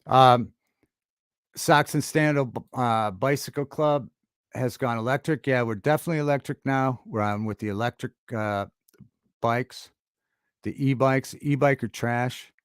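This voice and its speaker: Halting, rambling male livestream host. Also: mid-range voice, clean tone, no room sound, studio quality. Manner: halting and rambling, many fillers and restarts. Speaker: livestream talk show host. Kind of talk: casual livestream chat reading viewer comments. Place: home studio.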